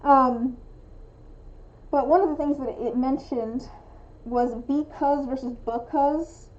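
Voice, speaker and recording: A young woman from the western US, with a western American accent, makes resin dice on a livestream, rambling casually and thinking aloud with many restarts and fillers while often dropping the g in -ing endings. Her voice is high and darkish, she takes it slowly, and the highs are cut off.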